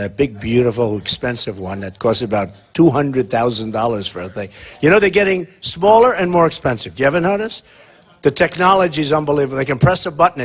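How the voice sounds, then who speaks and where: Husky, boastful man in a rambling speech. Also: on the high side. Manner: boastful, rambling, repeats himself. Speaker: political candidate at a town hall. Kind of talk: off-the-cuff campaign speech.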